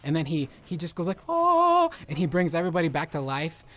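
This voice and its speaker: Man, casual game commentary, excitable rambling, lots of fillers, slightly raised pitch. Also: quick pace. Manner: rambling, excitable, heavy use of "like". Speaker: video game reviewer.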